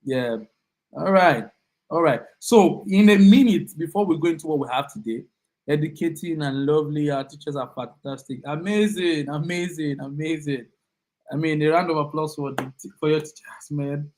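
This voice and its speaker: A man's voice: fairly high pitch, moderate pace, a little mellow, rough recording. A young Nigerian man tutoring a live online class, greeting students by name in an upbeat, chatty way with lots of repeated words.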